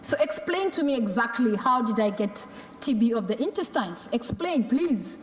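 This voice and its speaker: A woman's voice: a little high, lively intonation, moderate pace. A woman from a Maasai community giving a personal testimony as a tuberculosis survivor, telling her story and acting out what the doctors and her mother said. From Kenya or Tanzania, Maasai community. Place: large conference hall. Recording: echoey large conference hall.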